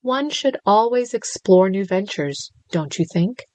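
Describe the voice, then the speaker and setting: A woman's voice: mid-range voice, animated, unhurried, a little mellow, dry recording, voice pushed up, lightly acted. A woman voicing a smug male crime boss villain with a lilting, sing-song voice, teasing and crooning with mock sympathy.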